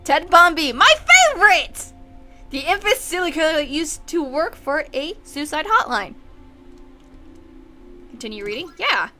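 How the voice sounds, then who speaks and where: A woman giving excitable let's-play commentary, laughing as she goes and reading game text aloud. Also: high-pitched, a little slow, long pauses, over music. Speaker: gameplay commentator.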